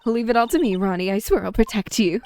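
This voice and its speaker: A woman's voice: medium pitch, animated, fast, a little mellow, a little hiss or hum, close to an everyday voice. A woman voicing a sugary, doting young woman who talks sweetly in a game.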